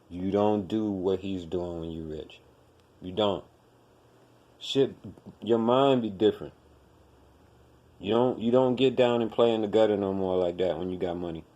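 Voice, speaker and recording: A man's voice: fairly low pitch, dark tone, highs cut off. A man hosting a podcast, ranting in blunt, profane commentary and hammering his points with repetition. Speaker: podcast host.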